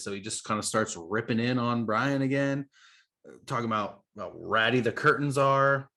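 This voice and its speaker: A man's voice: mid-range voice, normal speed, pushed and bright. A man co-hosting a podcast, chatting casually and easily about comics. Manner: easygoing, chatty, laughs often. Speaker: podcast co-host.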